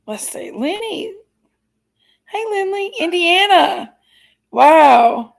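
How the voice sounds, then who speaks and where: A woman's voice: very high-pitched, animated, vocal fry, rough recording. A middle-aged woman, chatting casually as a livestream host and reading out viewers' comments. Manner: chatty, playful, drawn-out exclamations.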